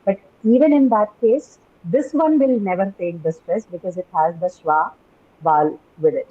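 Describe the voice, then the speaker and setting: A woman's voice: medium pitch, moderate pace, phone-quality sound. A woman teaching English pronunciation in a class, explaining patiently and often checking in with "right?". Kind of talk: classroom lecture on word stress.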